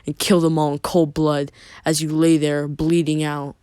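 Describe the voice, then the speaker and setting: A man voicing a smug, vengeful young man who threatens in a low, slow delivery. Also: flat delivery, darkish tone, clear, resonant tone, no echo, clean studio sound, lightly acted. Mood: menacing.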